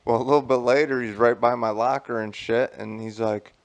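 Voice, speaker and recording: Gravelly midwest dude chatting on a podcast, easygoing. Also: male voice, medium pitch, steady tone, a little fast, muffled recording. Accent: Midwestern American. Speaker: podcast co-host. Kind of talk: casual chat.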